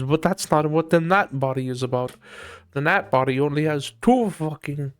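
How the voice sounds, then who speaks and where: A man's voice: on the high side, normal speed, pushed and bright, soft background music. A man live-streaming while he sculpts, chatting casually and joking in a profane, mock-aggressive way.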